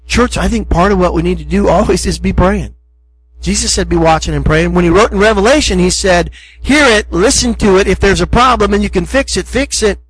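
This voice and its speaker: Husky-voiced man preaching a sermon. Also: high-pitched, rough recording. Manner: conversational, emphatic preaching with acted asides. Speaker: pastor.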